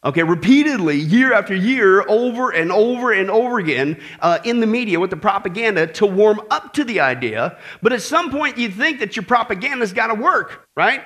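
In an animated, conversational sermon to his congregation, a man often checks in with "okay?" and drops jokes along the way. His voice is high, his pace fairly quick, with hardly any pauses.

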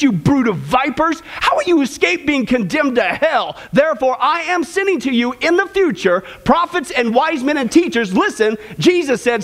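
A man's voice: very high-pitched, a bit bright. A man preaching a sermon with passion, scolding and acting out quoted voices. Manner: impassioned, scolding, acts out quotes.

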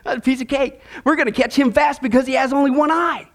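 A man's voice: extremely high pitch, fairly even intonation, quick pace. A man voicing Wes, a dim but overconfident retired man, speaking breezily in a joke. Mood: cocky. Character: dim, cocky retired man applying as detective.

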